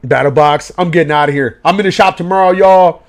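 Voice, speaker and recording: A man's voice: fairly high pitch, fairly quick. Profane ranting man. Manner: profane, animated ranting in slang. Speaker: gaming vlogger. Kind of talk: late-night rant.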